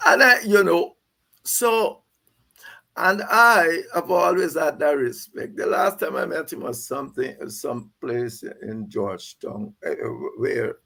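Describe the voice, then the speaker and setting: A man in his seventies with a Guyanese accent, a guest recalling old stories in an animated way, repeating words and laughing between phrases. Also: on the high side, slow pace, vocal fry. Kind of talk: storytelling recollection.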